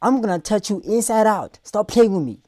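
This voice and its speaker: A man streaming his live reactions, loud and full of crude banter. He slips into put-on voices and keeps up a running commentary. His voice sounds dry and close, with no room around it. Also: sits high, expressive, moderate pace, dry recording.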